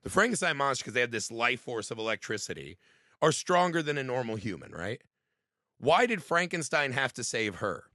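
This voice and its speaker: A man's voice: mid-range voice, brisk, no room sound, clean studio sound. A man in his thirties co-hosting a podcast, arguing emphatically about a film in casual chat and often tagging lines with "right?". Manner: animated, emphatic, repeats "right?". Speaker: podcast co-host. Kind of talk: casual movie review chat.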